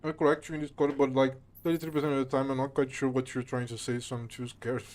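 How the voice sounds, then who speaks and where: A man's voice: medium pitch, little pitch movement, quick pace, a little mellow. A young man whose first language is Portuguese, chatting casually and self-deprecatingly on a live stream in English.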